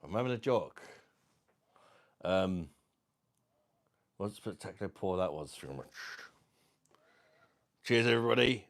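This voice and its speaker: A man hosts a casual beer-review livestream, chatting to viewers. He greets people by name and keeps things jokey and easygoing. His speaking voice sits fairly low. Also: animated, slow pace, creaky, pauses often, a bit bright.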